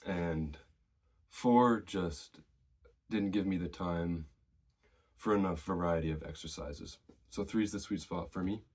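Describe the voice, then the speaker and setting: A man with a very deep voice talks through his training routine in a relaxed, conversational way. He is still slightly out of breath and draws on his own experience. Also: slow pace, slightly rough. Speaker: fitness vlogger. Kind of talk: casual advice to camera.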